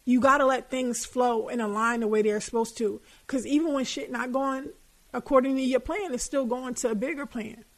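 A woman's voice: high voice, steady tone, moderate pace. Profane, candid young woman podcaster. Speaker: podcast host. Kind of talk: casual advice monologue.

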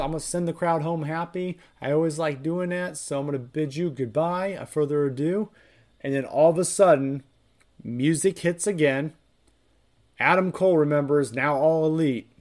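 A man hosting a podcast, recapping events in a casual, rambling, excited way with many fillers. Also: mid-range voice. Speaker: podcast host.

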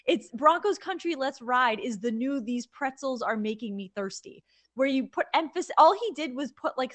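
A woman co-hosting a sports talk show, sarcastic and animated as she riffs. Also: high-pitched.

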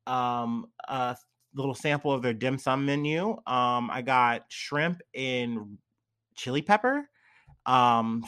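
A young man, a little drunk and high, talking in a loose, rambling vlog monologue full of fillers and slang. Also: bright, forceful tone. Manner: laid-back, heavy on fillers and slang. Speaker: vlogger.

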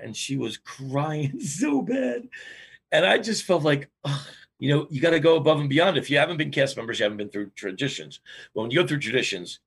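Gravelly, husky man telling a story. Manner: animated storyteller with big pitch jumps and laughs. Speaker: podcast guest, animator and scenic artist. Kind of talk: storytelling interview.

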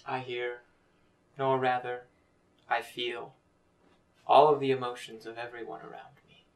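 A man voicing a calm, formal male priest who talks in stiff, proper phrases. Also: mid-range voice, a little slow, reverberant, natural voice. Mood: earnest. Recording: voice from far off the mic.

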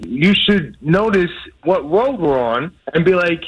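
A man's voice: a little high, lively intonation, a little slow, breathy edge, low-quality recording. A man calling into a radio show, exasperated and rambling, with many "like"s in his speech. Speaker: radio caller. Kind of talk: phone-in complaint.

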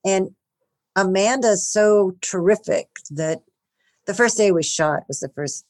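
A woman, a film makeup artist, telling stories in an interview, growing animated when excited. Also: mid-range voice, a little slow. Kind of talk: interview, casual storytelling.

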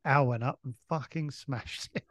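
A man's voice: medium pitch, moderate pace, a bit bright, no echo. A man, a comedian guest on a podcast, telling a long stop-start anecdote with plenty of swearing and restarts.

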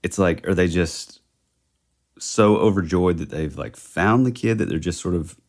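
A man with a low voice chats casually on a podcast. He thinks aloud as he goes, hesitating and filling pauses with "like" and "you know.". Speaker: podcast co-host. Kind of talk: casual chat.

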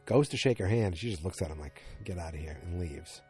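A man's voice: sits low, animated, a little fast, a little mellow, soft background music. A man casually recapping a TV episode, rambling with lots of fillers and restarts.

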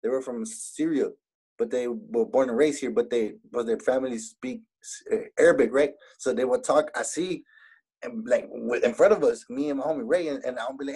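A man's voice: medium pitch, lively intonation, brisk, gravelly, darkish tone, breathy edge, poor audio. A young man from Laredo, Texas with a Texas border Mexican-American accent, chatting laid-back as an interview guest and mixing Spanish into his English. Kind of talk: casual interview chat.

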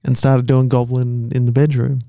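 A man co-hosting a podcast, teasing his co-host and firing off quick wisecracks in crude comedic banter. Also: medium pitch, little pitch movement, vocal fry, warm tone, dry recording, studio quality.

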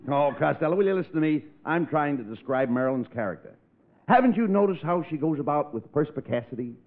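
A man's voice: on the high side, expressive, fast. A man playing an exasperated straight man who lectures and scolds his partner, in a 1940s radio comedy. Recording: tinny old radio broadcast.

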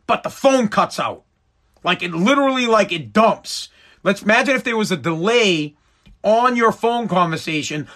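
A man with a radio background, talking in an animated, emphatic rant and swearing freely. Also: high-pitched. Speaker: radio personality. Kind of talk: casual profane rant.

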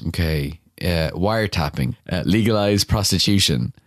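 A man's voice: low voice, lively intonation, moderate pace, no echo, clean studio sound. A tipsy man co-hosting a podcast, chatting casually and giggling while he reads game text aloud in a mock-official voice. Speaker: podcast co-host.

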